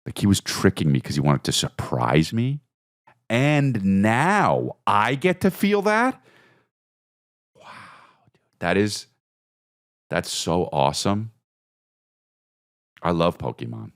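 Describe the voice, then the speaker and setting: A man, telling a rambling comedic story on his podcast. His voice is very deep, yet it leaps around with big, lively jumps. He swears freely, keeps calling the listener "dude," and breaks into high-pitched bursts as he acts out bits of the story, all recorded close and dry. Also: takes it slowly, long pauses, dry recording. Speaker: podcast host. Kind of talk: casual comedic monologue.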